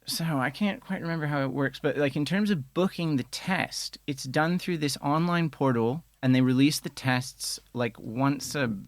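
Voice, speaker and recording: Relaxed male guest telling a story. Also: fairly high pitch, moderate pace, few pauses, no echo. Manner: relaxed storyteller, mimics others in quoted voices. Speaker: guest, film and TV editor. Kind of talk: casual podcast chat. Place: studio.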